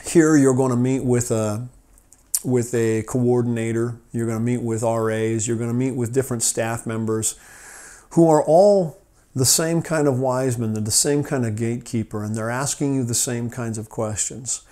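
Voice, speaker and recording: A man's voice: medium pitch, fairly even intonation, moderate pace, warm tone. Friendly man telling a parable. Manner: friendly, hesitant, many fillers. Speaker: podcast host at a rescue mission. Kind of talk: storytelling devotional talk. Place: office.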